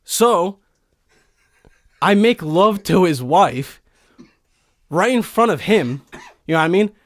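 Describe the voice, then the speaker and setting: A young man hosting a podcast from a studio, telling a profane, animated comic rant full of swearing. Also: sits high, slow pace. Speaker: podcast host.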